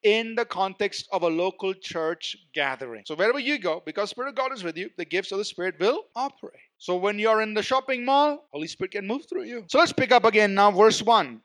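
A man's voice: high-pitched, expressive, moderate pace, fairly bright tone. A man preaching a teaching sermon, explaining Greek words and stressing key terms as he goes.

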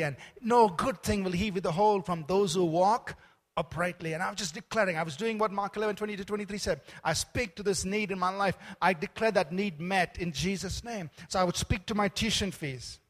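A man's voice: sits high, fairly bright tone. A middle-aged man preaching a sermon, telling a personal testimony with many fillers and emphatic calls to the congregation. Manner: storytelling with many fillers and restarts. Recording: long reverb of a large hall.

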